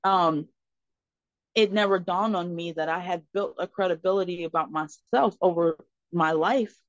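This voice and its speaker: A woman guest on a podcast, telling a personal story in an earnest, expressive way. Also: on the low side, moderate pace, no room sound. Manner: earnest and expressive, acting out dialogue in her story. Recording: slightly muffled, dry recording.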